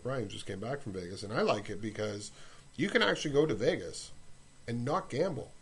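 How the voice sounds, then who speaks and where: A man's voice: mid-range voice, expressive, brisk, husky. A man chatting casually, rambling with lots of filler words. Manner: rambling, many "like" and "whatnot" fillers. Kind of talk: casual podcast chat.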